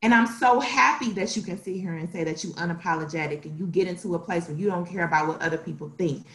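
A woman's voice: fairly low pitch, fast, a bit bright. Emotional young woman in a roomy space. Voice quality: emotional, tearful at times. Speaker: podcast co-host. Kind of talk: emotional casual podcast chat.

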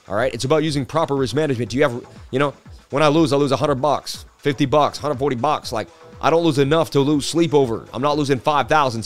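A middle-aged man hosting a casual crypto live stream, chatty, with a sports-presenter delivery. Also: mid-range voice. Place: traveling.

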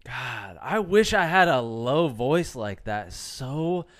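A man's voice: mid-range voice, big pitch swings, slow, fairly bright tone, no echo, studio quality. A young man co-hosting a podcast, chatting casually and rambling with restarts, running himself down. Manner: self-deprecating, rambling with many restarts. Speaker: podcast co-host. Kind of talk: casual chat.

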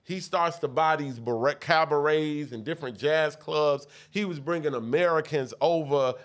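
A man with a fairly high voice tells a long tale in relaxed podcast chat. He jumps into the voices of the people in his story and keeps the group hooked. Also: normal speed. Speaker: guest rapper.

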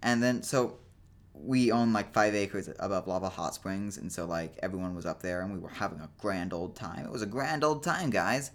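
Young male podcast host, low-pitched, rambling deadpan jokes, casual solo talk. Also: moderate pace. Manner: rambling, jokey, self-deprecating; tired.

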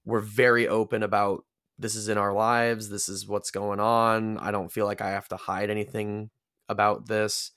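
A man's voice: on the low side, level tone, normal speed, a bit bright, no echo, studio quality. A man talking as a podcast guest in casual chat, reflective and rambling, often restarting his sentences.

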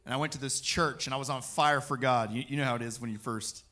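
A man preaching a personal testimony, telling his story in an animated way and acting out what he said. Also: medium pitch, fast.

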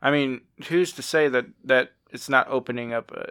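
A man in a relaxed podcast conversation, musing out loud about strange ideas and swearing now and then. He has a mid-range male voice and an easygoing, speculative manner. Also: medium pitch, normal speed, smooth. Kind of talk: casual chat.

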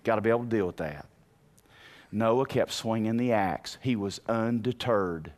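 A man preaching a sermon in an animated way, asking the congregation questions and rising to shouts. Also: on the low side, moderate pace. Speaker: pastor.

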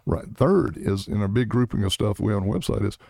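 A man's voice: on the low side, animated, fast talker, vocal fry, a little mellow, husky, no room sound, studio quality. A middle-aged man, a Senate candidate in a political interview, talking bluntly in punchy, emphatic short statements.

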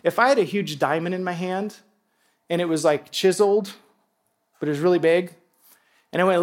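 Excitable high-voiced male preacher. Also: normal speed, long pauses. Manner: animated, excitable, swinging between loud and hushed. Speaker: pastor. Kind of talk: sermon.

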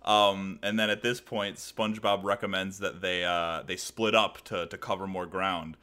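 A man with a rather low voice and a bright, forceful edge, talking through episodes in easygoing podcast chat. He retells scenes eagerly, laughing along, and jumps into the characters' lines. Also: normal speed, clean tone. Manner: animated retelling, laughs often, acts out quoted lines. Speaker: podcast co-host. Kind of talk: casual episode recap chat.

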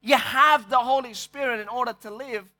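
A man's voice: very high voice, steady tone, moderate pace, bright, forceful tone. A male pastor preaching a sermon, emphatic, often repeating words as he searches for the next phrase.

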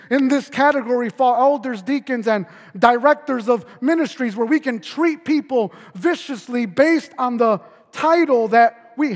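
A man preaching a sermon as a pastor, earnest, stumbling over repeated words and dropping his voice low for emphasis. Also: in a large hall.

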